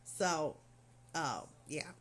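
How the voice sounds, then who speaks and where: A woman's voice: deep voice, very animated, very slow. A middle-aged woman craft vlogger telling a story in casual, rambling chat full of fillers and asides.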